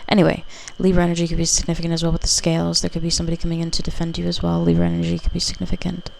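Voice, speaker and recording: A woman's voice: lowish voice, completely flat delivery, racing, vocal fry, a little hiss or hum. A woman giving a casual pick-a-card tarot reading, rambling intuitively with lots of filler words. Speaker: tarot reader.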